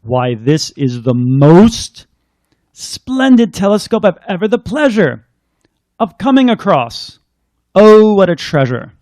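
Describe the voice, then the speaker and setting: A man's voice: high voice, big pitch swings, slow pace, a little mellow, dry recording, clean studio sound, pitched above the performer's own voice, heavily acted. A man voicing a nosy, blustering male school head, scoffing and exclaiming as he reads the storybook.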